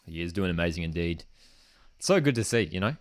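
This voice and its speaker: Brief: man, football watchalong host, low voice, casual and keen. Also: animated, fast, dry recording, studio quality. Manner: casual and enthusiastic, often says "man". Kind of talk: live match watchalong commentary. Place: home streaming desk setup.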